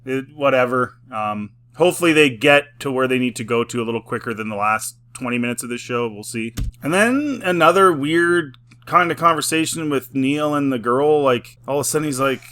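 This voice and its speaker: A man's voice: mid-range voice, expressive, fairly quick, pushed and bright. A man giving a casual spoken review, rambling with lots of filler words and frequent chuckles, sometimes mocking and sarcastic. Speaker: film and TV reviewer.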